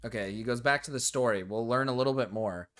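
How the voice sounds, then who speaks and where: A man live-streaming casually, reacting to videos and talking to chat, excitable and quick to yell, then sheepishly apologize. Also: mid-range voice. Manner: excitable, swings between yelling and sheepish apologies.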